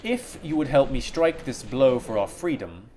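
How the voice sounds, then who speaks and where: A man reading the lines of a cold, vengeful exiled sorceress in a slow, deliberate, menacing way. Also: medium pitch, animated, dark tone, natural voice.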